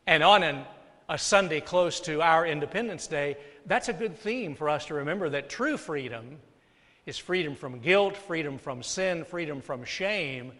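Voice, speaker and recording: Male pastor, slightly high voice, preaching with soft dips and loud peaks in a reverberant sanctuary. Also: animated, normal speed. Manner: dynamic preaching, drops soft then rises loud. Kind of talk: sermon. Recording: long hall reverb.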